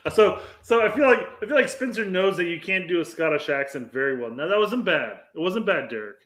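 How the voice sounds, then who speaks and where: A man's voice: high-pitched, lively intonation, fairly quick, fairly bright tone. Swearing, teasing man in a roomy space. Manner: profane, teasing, laughs often. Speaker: podcast co-host. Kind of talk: casual banter.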